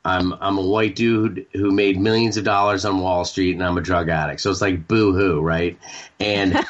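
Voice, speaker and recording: A man in his forties from Maine, a radio show guest talking candidly, halting and repeating words with many fillers. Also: fairly low pitch, fairly bright tone, highs cut off. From Maine, United States. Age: 40s. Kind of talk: candid interview talk.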